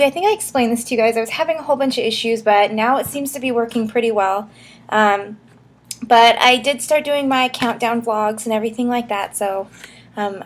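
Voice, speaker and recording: A young woman talks through a casual vlog update in a slightly high voice. She sounds a little short of breath and giggles between thoughts, with lots of ums and likes. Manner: chatty, giggly, many fillers and restarts. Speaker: vlogger.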